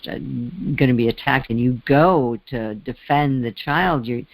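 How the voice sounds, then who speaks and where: A man's voice: medium pitch, gravelly, dry recording. A man from the Midwest co-hosting a podcast, talking casually with many restarts and asides. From American Midwest. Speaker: podcast co-host. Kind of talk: casual conversation.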